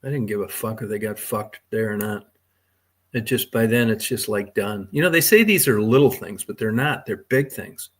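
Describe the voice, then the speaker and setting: A man's voice: on the low side, normal speed, husky. Middle-aged male streamer, crude and rambling, swears freely, addresses his chat. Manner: talks to chat viewers by name. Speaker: livestream host. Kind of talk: casual livestream chat.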